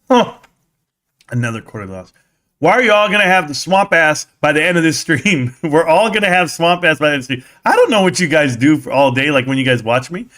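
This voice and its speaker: Male streamer, high bright voice, brash mocking rant to live chat. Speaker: stock market live streamer.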